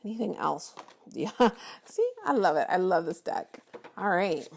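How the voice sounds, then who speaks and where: A woman's voice: on the low side, big pitch swings, measured pace, creaky, noisy background. A woman giving a casual, encouraging tarot reading, chatty with many ums and restarts. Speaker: tarot reader.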